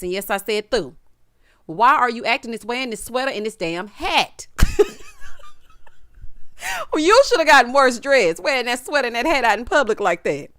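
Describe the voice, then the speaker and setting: A woman's voice: a little high, expressive, normal speed, long pauses, a bit bright, no echo, studio quality. A woman giving a sassy, casual recap of a reality TV episode, mimicking the cast in changing voices.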